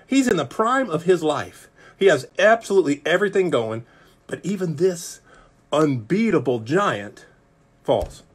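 A man in his forties, a pastor giving a Bible study sermon in a lively, joking way that acts out little characters. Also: fairly high pitch, breathy edge. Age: 40s. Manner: animated, acts out characters and jokes with the room. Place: church.

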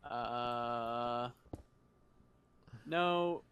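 A man's voice: mid-range voice, extremely slow, a bit bright, smooth. A man from Mexico, a stream guest, playfully egging on a friend in casual banter.

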